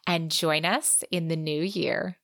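A bubbly woman co-hosting a book podcast. Her voice sits a little low for a woman. She keeps the chat casual and upbeat. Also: fairly even intonation, slow. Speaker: podcast co-host.

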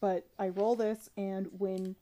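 A woman's voice: mid-range voice, level tone, slow pace, dark tone. A woman taking part as a player in a casual tabletop game, talking hesitantly with restarts.

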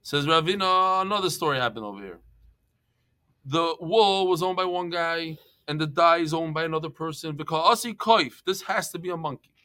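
Lively man teaching Talmud. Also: fairly high pitch, moderate pace. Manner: lively, jokey storyteller, mixes Hebrew and Yiddish terms. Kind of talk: animated Talmud class.

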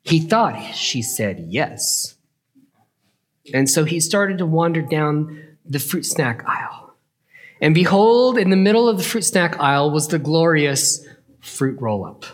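Guy telling a bible story to kids, slow and really sing-songy. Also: on the high side. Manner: lively, playful storyteller who chuckles.

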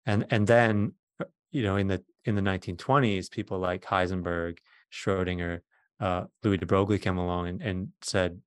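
A man's voice: low-pitched, moderate pace, no echo, clean studio sound. A middle-aged man, a physicist guest, patiently explaining science in plain words during a conversation.

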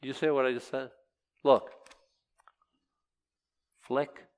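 A man's voice: medium pitch, flat delivery, slow, darkish tone, clear, resonant tone. A man preaching a sermon in a conversational, emphatic way, full of rhetorical questions. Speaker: pastor. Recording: long hall reverb.

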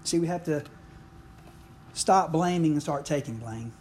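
A middle-aged man preaches in a chatty, folksy way. His voice sits a little high. Faint noise hums behind him in the church recording. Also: a little slow, a little mellow. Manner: folksy, conversational preaching with frequent asides. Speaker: pastor. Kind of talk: sermon.

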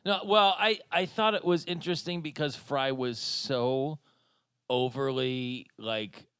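A man's voice: mid-range voice, steady tone, unhurried, a bit bright, smooth, no room sound. A man in his thirties chatting on a podcast, rambling with restarts and dry jokes. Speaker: podcast co-host. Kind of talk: casual podcast chat.

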